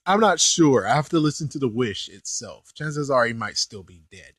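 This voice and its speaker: A man's voice: mid-range voice, lively intonation, normal speed, a bit bright, breathy edge, no echo. A young man giving a casual, rambling episode commentary, laughing as he talks. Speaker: host.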